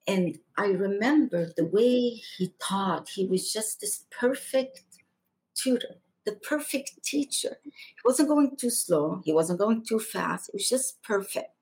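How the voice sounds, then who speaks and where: A woman guest on a podcast, earnestly recounting a personal testimony and going hushed for the quieter moments. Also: mid-range voice, expressive, slow pace, husky.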